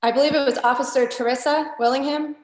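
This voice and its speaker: A woman's voice: sits high, steady tone, fast. A woman giving a firm, indignant comment at a public hearing. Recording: echoey room.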